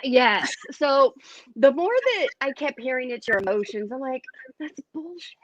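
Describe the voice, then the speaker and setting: A woman speaking as an interview guest and metaphysician, telling her story in a candid, expressive way. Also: sits high, normal speed, no room sound, dull audio. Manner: candid and expressive, lively retelling.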